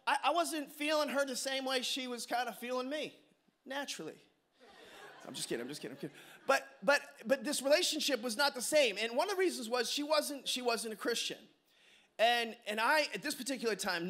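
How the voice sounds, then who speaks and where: A middle-aged male pastor telling a story in a sermon, animated and joking, acting out the dialogue. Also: very high-pitched. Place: church sanctuary.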